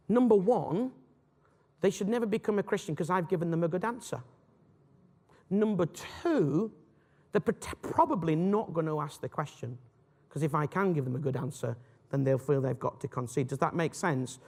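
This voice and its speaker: A man's voice: high voice, normal speed, big-room sound. A man teaching a lesson on apologetics, talking in a loose, conversational way and often correcting himself mid-sentence. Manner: conversational, animated, self-correcting. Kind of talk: recorded lecture.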